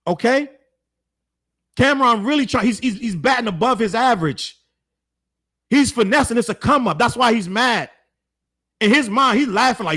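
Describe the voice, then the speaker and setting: A man hosts his own commentary show, talking straight to his audience in a blunt, heated way. His voice sits high for a man. He leans on slang and keeps hammering the same point home. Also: expressive, moderate pace, pauses often, sharp tone. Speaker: show host. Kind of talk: opinionated commentary to camera.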